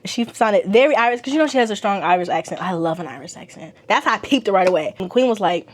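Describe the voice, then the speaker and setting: A young woman chatting casually in a slangy, animated way. She laughs often as she talks. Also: mid-range voice, fast. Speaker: vlogger reviewing a TV series. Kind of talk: casual chat.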